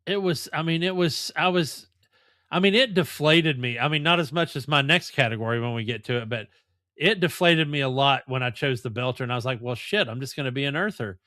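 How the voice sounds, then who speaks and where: A man's voice: a little high, brisk, pushed and bright, dry recording, studio quality. A man co-hosting a casual gaming podcast, talking bluntly and sounding exasperated, with casual swearing. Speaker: podcast co-host.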